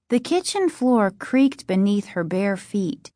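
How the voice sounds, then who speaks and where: A woman narrating a spooky storybook with a measured, suspenseful delivery. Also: mid-range voice, sing-song, mellow, no echo, clean studio sound.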